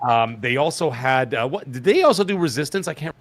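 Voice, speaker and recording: A man's voice: medium pitch, animated, a little fast, no room sound. A middle-aged man co-hosting a casual gaming podcast, joking around and laughing as he talks about games. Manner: jokey, goofy, breaks into laughter. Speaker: podcast co-host.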